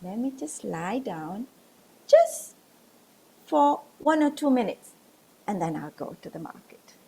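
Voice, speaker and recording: Dreamy young village guy for a kids' story, gasps as he plans, played by a woman, high and unhurried. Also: gravelly, breathy edge, full character voice. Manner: musing aloud, excited gasps. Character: dreamy young village man, daydreaming of riches.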